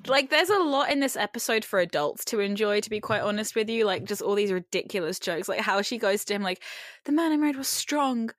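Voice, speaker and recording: A woman's voice: medium pitch, fairly quick, fairly bright tone, no room sound, studio quality. A woman co-hosting a casual chat show, talking loosely with lots of "like" and frequent laughter. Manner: chatty, lots of "like", laughs often. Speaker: podcast co-host.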